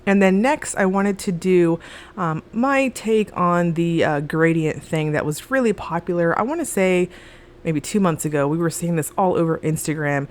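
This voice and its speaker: A young woman narrating her nail art in a casual, relaxed voice-over, chatty and full of fillers. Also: on the low side, normal speed.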